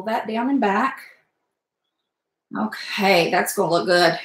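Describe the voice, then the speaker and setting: A middle-aged woman livestreams herself making a wreath indoors at home, chatting casually in a blunt, talkative way with mild swearing. Her medium-pitched voice goes at a slow pace, and the room sound is echoey.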